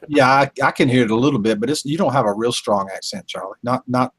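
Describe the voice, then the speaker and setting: A man's voice: medium pitch, fast, a bit bright, breathy edge, no echo. Dry-humored, teasing man on a dry mic. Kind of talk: casual chat.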